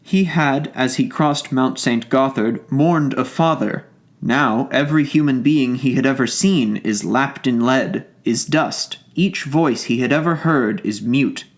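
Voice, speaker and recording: A man narrating a classic story as an audiobook, in a measured, formal literary reading. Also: medium pitch.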